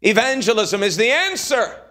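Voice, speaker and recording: A man's voice: very high voice, very animated, moderate pace, pushed and bright. A man preaching a revival sermon in a church, with an emphatic, repetitive cadence. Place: church sanctuary.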